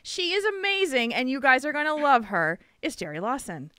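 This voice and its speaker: A woman's voice: high voice, lively intonation, moderate pace, pushed and bright, clean tone, dry recording. Bubbly woman hosting a podcast, laughs a lot, dry close mic. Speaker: podcast host. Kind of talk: casual podcast chat.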